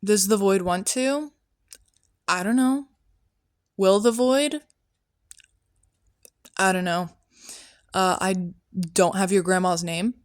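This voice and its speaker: A woman's voice: medium pitch, slow pace, long pauses, no echo, clean studio sound. A woman hosting a comedy podcast in character as a prophet, talking in an offhand, rambling way with many tangents.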